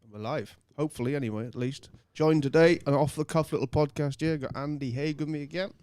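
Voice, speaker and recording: A man's voice: fairly high pitch, fast talker, darkish tone, smooth, dry recording. A man from Wales, hosting a casual podcast chat and telling rambling stories between frequent laughs. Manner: laughs often, rambling anecdotes. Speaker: podcast host.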